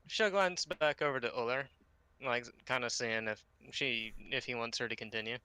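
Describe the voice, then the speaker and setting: Bright, crisp-voiced man player. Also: mid-range voice, normal speed, dry recording. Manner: filler-heavy, loose. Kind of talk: casual role-play talk.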